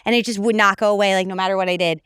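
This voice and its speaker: A woman's voice: medium pitch, steady tone, rapid-fire, fairly bright tone, smooth, no echo, studio quality. A young adult woman, a podcast guest, telling a story in casual chat, full of fillers and acted-out quotes. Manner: chatty storyteller, lots of fillers, acts out quotes.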